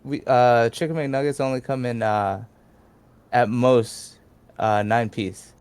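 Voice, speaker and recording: A man voicing his young male cousin working a fast-food drive-thru, who goes from a strained polite service script to shocked yelling. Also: mid-range voice, steady tone, smooth. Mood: strained politeness. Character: young male drive-thru worker, flustered then furious.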